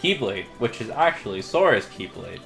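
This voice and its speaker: Lively-voiced man chiming in. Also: on the low side, normal speed, gravelly, faint music behind. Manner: teasing interjections, profane. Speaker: co-host. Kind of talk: casual drunk chat.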